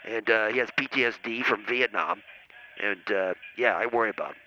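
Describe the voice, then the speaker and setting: A man's voice: lowish voice, brisk, sharp tone. A man calling in to a comedy show, rambling and needling, with many hesitant uhs. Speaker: phone-in guest. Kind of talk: comedic phone banter. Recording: muffled call-in line with faint noise.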